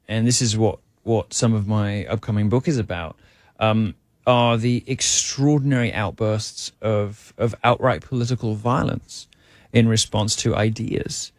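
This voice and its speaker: A man speaks in a polished received-pronunciation English accent, arch and wryly theatrical. He talks as a talk-show guest in a casual, drawn-out way, full of fillers. The sound is close and dry. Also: lowish voice, no echo. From England. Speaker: guest commentator.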